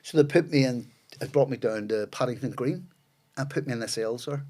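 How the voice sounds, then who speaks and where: A man's voice: medium pitch, a little fast, mellow. A middle-aged man, a podcast guest telling rambling, profane anecdotes. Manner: swears freely, rambling anecdotes with fillers. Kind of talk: casual storytelling.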